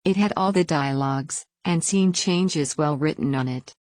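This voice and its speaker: Female story reader, very low voice, dry close sound, plain even first-person narration. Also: normal speed, dry recording.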